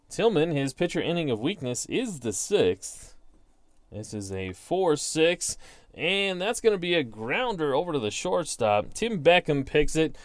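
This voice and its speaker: A man's voice: medium pitch, dry recording. A man hosting his own channel, calling a tabletop baseball simulation play by play. He reads out each dice result, then narrates it like a broadcaster, with the odd self-deprecating aside. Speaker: host.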